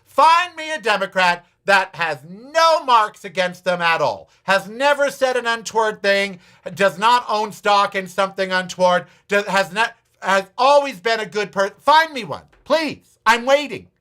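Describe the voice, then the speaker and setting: A man's voice: high voice, animated, measured pace, sharp tone. A man hosting a political talk show, ranting with profanity, sarcasm and repeated challenges to his audience. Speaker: podcast host.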